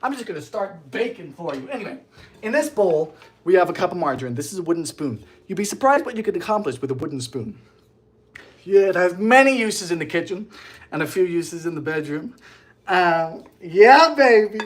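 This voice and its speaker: A man's voice: high-pitched, fairly quick. A young man from Bermuda with a mild Bermudian accent, chatting theatrically and jokily while baking on a live stream. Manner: animated, theatrical, jokey. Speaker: baking show host.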